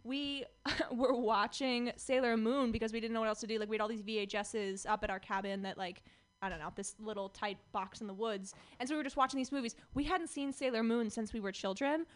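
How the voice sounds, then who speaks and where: Animated woman co-hosting a radio chat. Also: fairly high pitch, fairly quick. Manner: animated, swearing, laughing storyteller. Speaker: radio show co-host. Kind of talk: casual chat. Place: radio studio.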